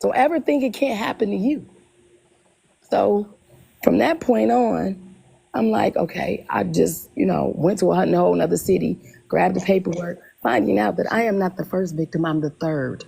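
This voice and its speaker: A woman telling a personal story in casual conversation, animated, often repeating herself and acting out what people said. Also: medium pitch, moderate pace, creaky, breathy edge, rough recording. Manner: animated, retells dialogue in quotes, repeats herself. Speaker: guest telling her story.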